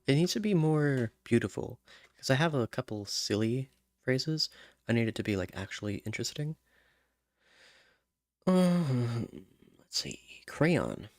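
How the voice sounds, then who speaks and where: A man talks to himself slowly and unhurriedly while working out song lyrics. He mutters candidate rhymes, hums nonsense syllables and weighs each word. The recording is dry and close. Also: on the high side, a little mellow, no room sound. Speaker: songwriter. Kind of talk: thinking aloud while writing lyrics.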